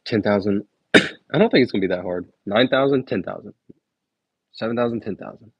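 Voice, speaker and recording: A man's voice: fairly low pitch, a little fast, slightly rough, no room sound. A young man on a casual livestream counting numbers aloud, laid-back and slangy, chatting to viewers between numbers. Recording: dull lo-fi dry stream audio.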